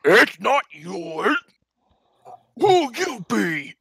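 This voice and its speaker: A shouting two-headed ogre. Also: male voice, sits high, sing-song, extremely slow, vocal fry, slightly rough, no room sound, clean studio sound, voice pushed up, heavily acted. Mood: indignant. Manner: bickering, shouting in broken speech. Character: dim quarrelsome two-headed male ogre.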